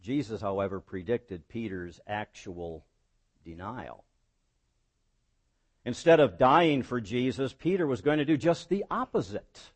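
A man preaching a sermon as pastor, voicing quoted lines with rising emphasis and dropping low on key words. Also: expressive, unhurried, breathy edge.

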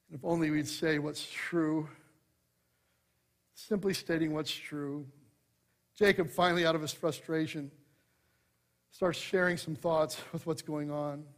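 A man preaching a sermon, shifting from loud emphasis to hushed asides, conversational with light humor. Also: a little high. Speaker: pastor.

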